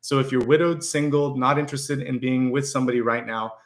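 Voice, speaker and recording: A man's voice: mid-range voice, flat delivery, brisk. A man giving a weekly tarot and astrology reading, speaking directly to his viewers in a reassuring, conversational way. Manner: conversational, with fillers and restarts. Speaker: tarot reader.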